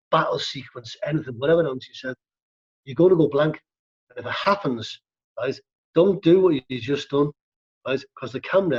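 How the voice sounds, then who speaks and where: A middle-aged Liverpool man with a thick Scouse accent tells a story, quick and animated. His voice sits a touch high and sounds husky. The recording is muffled and lo-fi. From Liverpool, England. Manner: animated, fast-talking, peppers speech with "right?". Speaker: stunt coordinator guest. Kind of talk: casual storytelling chat.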